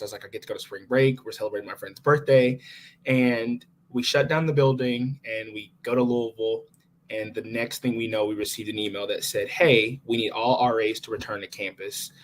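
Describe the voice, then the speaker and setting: A man in his twenties, guesting on a podcast, tells his story casually and with feeling, animatedly quoting his own inner thoughts. His voice is mid-range, with a little hiss or hum in the background.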